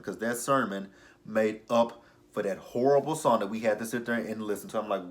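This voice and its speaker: A man's voice: fairly low pitch, normal speed. A man recapping a TV episode in a casual way, with sassy, exasperated asides about the characters. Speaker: TV episode reviewer.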